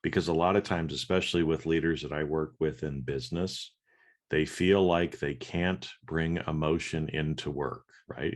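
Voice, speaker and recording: Very deep-voiced man podcaster. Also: steady tone, normal speed. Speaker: podcast co-host, leadership coach. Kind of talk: casual podcast chat.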